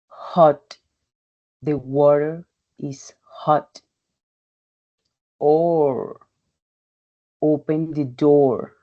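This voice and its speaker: Woman, low-pitched and very slow, halting pronunciation drill, muffled lo-fi audio. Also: darkish tone. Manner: halting, repeats words and sounds one by one. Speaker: English learner presenting a pronunciation task. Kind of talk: slow, careful pronunciation practice with example sentences.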